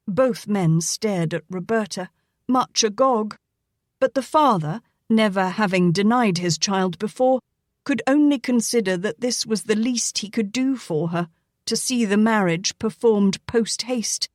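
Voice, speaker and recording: A woman reads a romance audiobook as scripted narration, measured and even. Her mid-range voice is recorded dry with clean studio sound.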